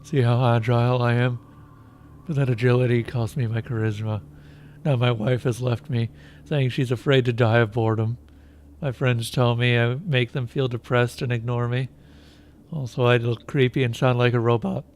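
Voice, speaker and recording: A man voicing a dull, unshaven man in a role-playing game, talking in a boring monotone. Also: medium pitch, normal speed, close to an everyday voice. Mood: droning.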